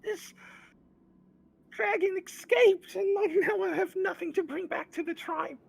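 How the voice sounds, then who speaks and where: A man voicing a small tearful male kobold who keeps a dragon, speaking in a high, squeaky voice and broken phrases. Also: unhurried, gravelly, exaggerated voice.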